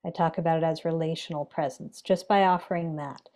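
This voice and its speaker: A low-pitched, steady-toned woman, a meditation teacher, talks as a podcast guest. Her manner is measured, gentle and reflective, with pauses and fillers.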